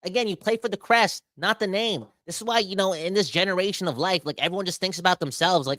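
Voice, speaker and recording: A man hosting a sports podcast, ranting with animated, emphatic exasperation. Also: high voice, fast, hardly any pauses, dry recording, clean studio sound. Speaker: podcast host.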